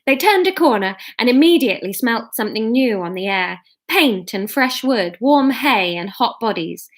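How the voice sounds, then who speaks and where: A woman's voice: fairly high pitch, lively intonation, normal speed. A woman reading a story chapter aloud, breaking off for giggly, self-mocking asides.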